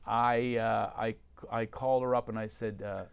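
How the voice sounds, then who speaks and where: A male comedian from Philadelphia chats as a guest, spinning animated stories. His laughter keeps breaking into the telling. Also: lowish voice, normal speed, vocal fry, clean tone. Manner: animated storytelling, laughing often. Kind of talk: casual interview chat.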